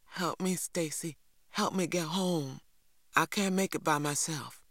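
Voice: medium pitch, measured pace, a bit bright, no echo, voice pushed up, natural voice. A reader voicing a frightened, injured teenage boy, pleading and stammering in a dry recording. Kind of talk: audiobook reading.

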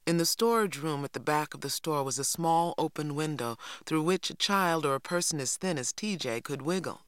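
A narrator reading a novel aloud in a steady storytelling manner. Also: medium pitch, normal speed, clear, resonant tone, dry recording, studio quality. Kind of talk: audiobook reading.

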